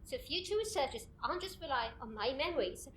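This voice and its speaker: A woman's voice: sits high, animated, fast, a bit bright, reverberant, slight background noise, rough recording. Beatrice, a woman playing a tired, uneasy archivist. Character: tired young woman archivist haunted by dreams. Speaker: archivist recording old stories.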